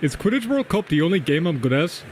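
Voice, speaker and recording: An Irish man talks over an old video game, swearing freely and joking sarcastically. His voice sits a little high. The recording has a noisy background. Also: very animated, fast talker. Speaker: game streamer. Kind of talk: casual game commentary.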